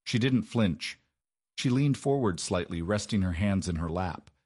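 A man narrating a period romance story in a measured, dramatic way. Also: low voice, expressive, darkish tone, slightly rough, no room sound, clean studio sound. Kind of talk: scripted narration.

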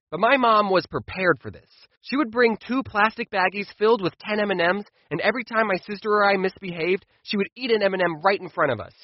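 A man telling comic childhood stories in an animated, playful way, slipping into quoted voices. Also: high voice, no room sound, muffled recording. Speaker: storytime YouTuber. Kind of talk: comedic storytelling.

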